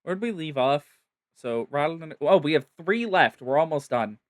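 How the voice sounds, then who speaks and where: A man streaming a game, commenting casually in a relaxed, musing way with hesitant fillers. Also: on the high side, normal speed.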